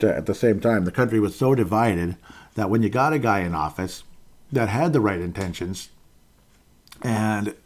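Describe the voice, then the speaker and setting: Rambling middle-aged guy ranting about politics, lowish voice, keeps chuckling. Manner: rambling, opinionated, chuckles often. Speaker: political commentator. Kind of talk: casual political monologue.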